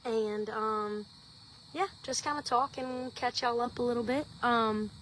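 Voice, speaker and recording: A woman's voice: on the high side, steady tone, measured pace, fairly bright tone, slight background noise. A young woman with a Southern accent, chatting casually in a live stream from her garden. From Louisiana. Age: young adult. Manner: chatty, rambling, says y'all often. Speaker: social media personality. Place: outdoors in her home garden.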